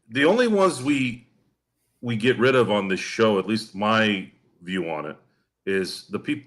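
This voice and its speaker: A man's voice: lowish voice, fairly bright tone. A man co-hosting a sports podcast, ranting bluntly and with profanity, repeating himself as he gets worked up. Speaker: podcast co-host. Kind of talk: heated casual podcast rant.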